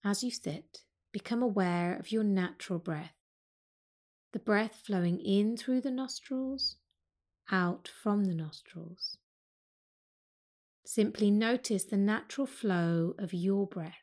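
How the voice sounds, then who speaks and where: A woman teaching yoga, speaking slowly and calmly as she guides a breath meditation. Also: mid-range voice. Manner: slow, calm and soothing.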